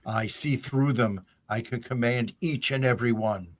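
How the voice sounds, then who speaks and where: A man's voice: mid-range voice, normal speed, lightly acted. A man reading as a scheming undead lich queen. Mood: cold menace.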